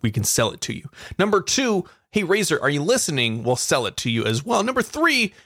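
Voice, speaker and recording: A woman co-hosts a playful podcast chat, laughing easily and swinging her voice up into squeals. Her pitch roams widely as she goes. The recording is close and dry. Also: fairly quick, no echo. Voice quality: giggly, animated, jumps into high squeals. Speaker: podcast co-host. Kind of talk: casual comedic chat.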